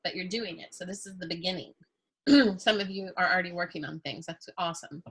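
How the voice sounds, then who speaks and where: A woman's voice: fairly low pitch, brisk, slightly rough. A woman teaching an art class in a casual, chatty way, candid and joking, with playful asides.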